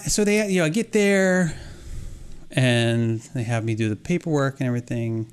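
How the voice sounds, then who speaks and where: A man's voice: a little high, fairly quick, clear, resonant tone. A man co-hosting a casual chat, telling a rambling story full of restarts and acted-out quotes. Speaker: podcast co-host.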